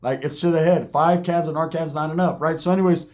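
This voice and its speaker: Profane, animated male storyteller. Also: on the high side, fast. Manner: profane, animated, street slang.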